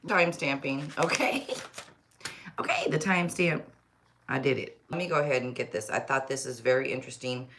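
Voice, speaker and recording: A woman hosts a tarot livestream, chatting casually, rambling, and often talking to herself. Her voice is a rumbling low with fairly even intonation at a moderate pace, and there is background noise.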